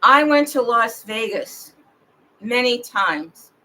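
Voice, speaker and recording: A woman at home giving a rambling, digressive livestream monologue, talking slowly and drawing out her words. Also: a little high, animated, pushed and bright, low-quality recording. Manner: slow, digressive and drawn out.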